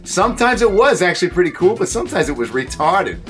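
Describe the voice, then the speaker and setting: A man hosting a casual show, telling comic stories in an animated way and laughing at his own jokes. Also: high-pitched, quick pace, soft background music. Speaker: show host. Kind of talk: casual comedic storytelling.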